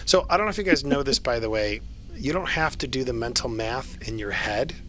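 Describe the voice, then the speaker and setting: A man running an online tabletop horror game as game master, relaxed and a little halting, patiently explaining the rules. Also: medium pitch, a little hiss or hum. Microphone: home streaming mic.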